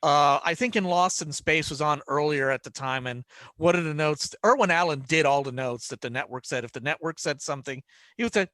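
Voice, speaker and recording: A man's voice: fairly high pitch, fairly quick, fairly bright tone, no room sound. Rambling man telling stories in dry sound. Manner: rambling storyteller, many restarts, acts out quotes. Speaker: podcast panelist. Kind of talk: casual panel chat.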